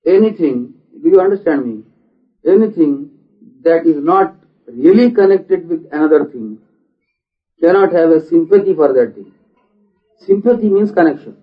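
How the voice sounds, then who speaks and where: A man giving a philosophical lecture, deliberate in manner and asking many rhetorical questions. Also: fairly high pitch, expressive. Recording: dull lo-fi recording.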